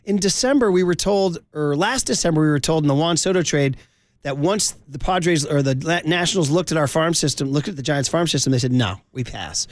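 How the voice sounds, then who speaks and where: A man hosting a sports radio show, riffing quickly and reading listener texts aloud at a studio mic. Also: fairly high pitch, dry recording. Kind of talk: casual sports radio banter. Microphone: studio microphone.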